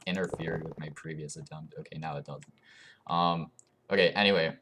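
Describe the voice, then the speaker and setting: Man with a very deep voice, rambling tutorial. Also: fairly even intonation, moderate pace, a bit bright, slight background noise. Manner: rambling, meandering explanations. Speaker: tutorial YouTuber. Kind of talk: casual game tutorial commentary.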